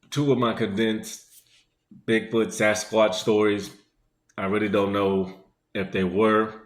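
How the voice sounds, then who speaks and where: A man casually telling a personal story in a rambling, conversational way, full of fillers. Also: on the low side. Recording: echoey room.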